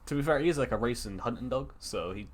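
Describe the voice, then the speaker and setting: A man's voice: mid-range voice, expressive, fast. A man co-hosting a casual podcast over an online call, rambling with many restarts and swearing. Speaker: podcast co-host. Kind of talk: casual chat.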